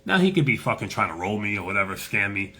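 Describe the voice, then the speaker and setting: A man's voice: fairly low pitch, sing-song, quick pace, pushed and bright. A man hosting a casual chat, telling a story in a profane, swaggering way and acting out the people in it. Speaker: host.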